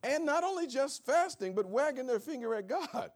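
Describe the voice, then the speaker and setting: A man's voice: very high-pitched, expressive, normal speed. A man preaching a sermon, asking rhetorical questions, calling for amens and chuckling between points. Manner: swings from soft to shouting, rhetorical questions.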